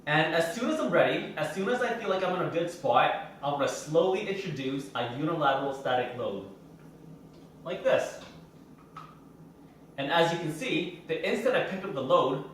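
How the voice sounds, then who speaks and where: A man's voice: on the high side, expressive, moderate pace, a little hiss or hum. A man as a fitness trainer, explaining each exercise step by step while he demonstrates it in a gym. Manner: instructive, explains while doing the moves. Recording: very echoey room heard from a distance.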